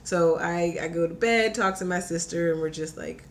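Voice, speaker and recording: Young woman rambling through a story, lots of "like", a bit low for a woman, acts out what she said. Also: moderate pace, slight background noise. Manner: animated, says "like" a lot, acts out her own quotes. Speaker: podcast guest. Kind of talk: casual storytelling.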